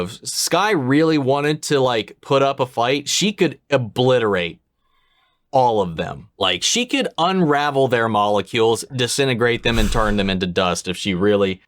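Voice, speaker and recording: Podcast guy, super bouncy up and down voice, blunt, swears, lands a punchline. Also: mid-range voice. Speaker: podcast co-host. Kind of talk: casual reaction chat.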